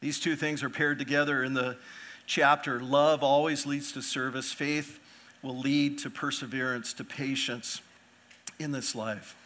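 A middle-aged man preaching a sermon as pastor, earnest and swelling louder on key points. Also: medium pitch, fairly even intonation, a little slow.

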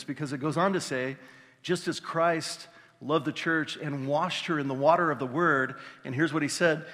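A pastor preaching a conversational, animated sermon with exclamations. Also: male voice, a little high. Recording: reverberant hall.

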